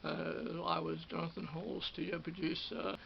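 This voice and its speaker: A middle-aged Australian man with a strongly gravelly, slightly high voice looks back on his radio days. He rambles and stumbles, restarting sentences and repeating words. The recording sounds dull and lo-fi, with a faint hiss underneath. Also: little pitch movement. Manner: halting, many restarts and repeated words, chuckling. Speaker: former radio studio producer. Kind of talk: rambling personal reminiscence.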